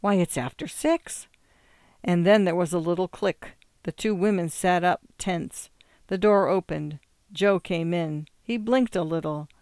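A woman narrating a story in a steady, measured reading voice. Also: lowish voice, clean tone, dry recording, clean studio sound. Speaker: audiobook narrator.

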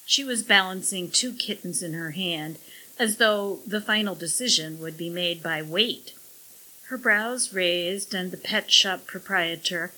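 A woman reading a story aloud as an audiobook narrator. Her delivery is slow and measured, with a very bright tone and a husky edge. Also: on the low side, low-quality recording.

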